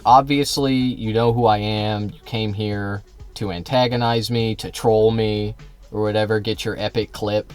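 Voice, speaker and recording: Profane, combative male streamer. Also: on the low side. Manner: combative, profane, argues with chat; sarcastic, mocking. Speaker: livestreamer. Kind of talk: live stream chat.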